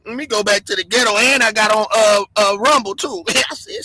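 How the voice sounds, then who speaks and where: Excitable high-voiced man ranting loudly. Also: brisk, dry recording, rough recording. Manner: loud, excitable, swings between shouting and mumbling, laughs often. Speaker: livestream host. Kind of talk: animated livestream rant.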